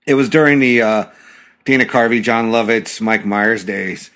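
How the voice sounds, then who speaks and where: A man's voice: on the low side, normal speed, a bit bright. A man hosting a podcast, chatting casually and giggling while rambling about a film. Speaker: podcast host. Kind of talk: casual chat watching a film.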